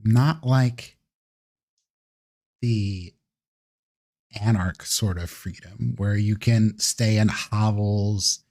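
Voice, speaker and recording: A man's voice: lowish voice, steady tone, drawn-out words, long pauses, a little mellow, heavily acted. A man voicing a poised, persuasive woman vampire elder in a live-streamed tabletop role-play, coaxing and grandly idealistic.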